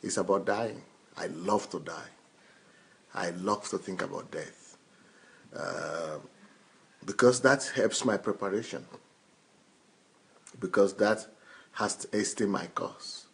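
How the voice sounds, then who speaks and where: A man's voice: deep voice, slow, creaky, long pauses. A man in his fifties, a pastor speaking bluntly and insistently in a live question-and-answer talk. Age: 50s.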